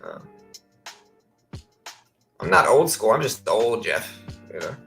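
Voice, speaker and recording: A man's voice: medium pitch, sing-song, slow, vocal fry, fairly bright tone, soft background music. A man in his thirties from Louisiana with a faint Louisiana accent, hosting a trading livestream and chatting in a rambling, laid-back way. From Baton Rouge, Louisiana. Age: 30s. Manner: rambling, laid-back, says "bro" and "you know". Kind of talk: casual livestream chat. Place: home office.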